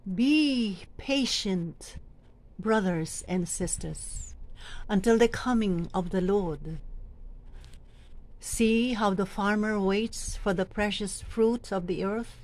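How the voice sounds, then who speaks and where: A woman with a Filipino accent reads scripture aloud and coaches others on how to proclaim it. Her delivery is unhurried and every word gets careful weight. Her pitch sits in the middle of the range. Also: a little mellow. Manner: slow, deliberate, emphatic reading with coaching asides. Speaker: lector trainer. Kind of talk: teaching and modeling scripture reading.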